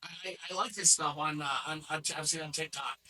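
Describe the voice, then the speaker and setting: Husky, bright-voiced man, distant mic. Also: a little high, fast, a little hiss or hum. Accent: New Jersey. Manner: hesitant, repeats words, enthusiastic. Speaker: show host. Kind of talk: casual podcast chat.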